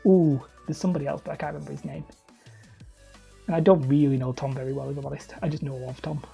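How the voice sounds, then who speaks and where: Her voice is low, gravelly and warm, fast-paced with fairly even intonation, and faint music plays behind her. She's a Leigh native from near Wigan, England, with a Wigan-area Lancashire accent, rambling chattily and teasing herself during a casual live stream while she makes hobby terrain.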